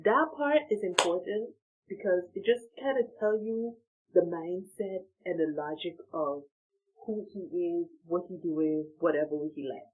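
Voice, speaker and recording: A woman from Saint Martin telling a story in a casual, animated way, laughing between lines and using lots of slang. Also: lowish voice, measured pace, phone-quality sound, a little hiss or hum. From Saint Martin, Dutch Caribbean.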